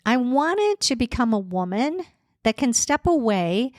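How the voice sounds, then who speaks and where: A woman life coach hosts her solo podcast in an encouraging tone, asking her listeners one question after another. She talks slowly and deliberately, with a hint of a lingering cold. The recording is dry and close, with no room sound. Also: fairly high pitch, big pitch swings, darkish tone, no echo. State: recovering from a cold.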